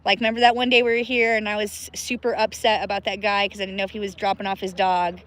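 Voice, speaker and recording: A woman's voice: mid-range voice, level tone, fast talker, a bit bright. A woman chatting casually to her viewers on a live stream from outdoors in a river, giggling often and greeting viewers by name. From Pacific Northwest of the US. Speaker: livestream host.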